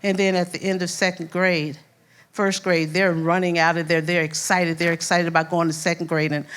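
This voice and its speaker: A woman's voice: on the low side, moderate pace, clean tone. An older woman from Louisiana with a Southern accent, a first-grade teacher giving a heartfelt speech and acting out her students' voices as she tells stories. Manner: animated storyteller, acts out voices, laughs often. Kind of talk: heartfelt speech at an awards event.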